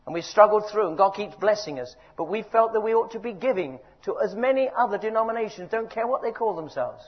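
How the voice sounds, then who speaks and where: An older man preaching a sermon, emphatic and exhorting, his voice rising loud and dropping quiet. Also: sits high, animated, a little fast, husky. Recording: dull lo-fi recording.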